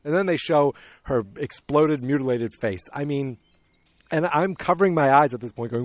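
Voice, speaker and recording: Animated man recapping a movie. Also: a little high, moderate pace, no room sound. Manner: animated storytelling, acting out scenes. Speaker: podcast host.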